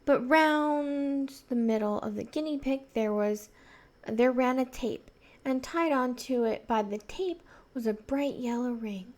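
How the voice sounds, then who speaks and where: Soft-voiced woman reading a novel aloud. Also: high voice, unhurried. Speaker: reader.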